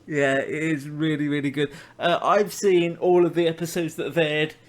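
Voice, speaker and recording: A man's voice: a little high, flat delivery, normal speed. Enthusiastic man hosting a review. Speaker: podcast host. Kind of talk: casual review chat.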